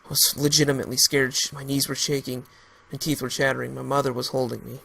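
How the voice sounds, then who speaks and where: A man narrating an amateur story in a halting way, with restarts. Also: medium pitch, flat delivery, vocal fry, bright, forceful tone, husky.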